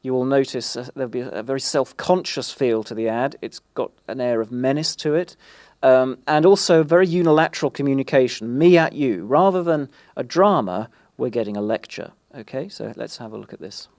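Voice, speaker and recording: A man speaking at a conference, presenting in a halting way with frequent restarts. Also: medium pitch, darkish tone, no room sound, clean studio sound. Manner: halting, many fillers and restarts. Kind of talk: presentation talk.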